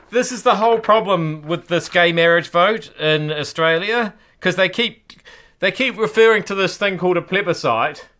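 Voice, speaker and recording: A man with a New Zealand accent hosting a comedic news commentary show, sarcastic and playful, with sudden high-pitched outbursts. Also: sharp tone. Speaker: host.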